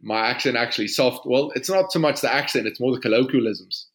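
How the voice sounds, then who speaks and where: A South African rugby player, an Afrikaans speaker, answering questions in a casual podcast interview in an easygoing way. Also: male voice, medium pitch, fast. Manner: relaxed, easygoing answers with frequent "you know".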